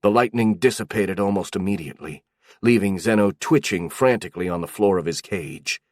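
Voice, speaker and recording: A man reading a fantasy audiobook in a steady, even storytelling voice. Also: deep voice, brisk, no room sound, studio quality. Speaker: audiobook narrator. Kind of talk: scripted fantasy narration.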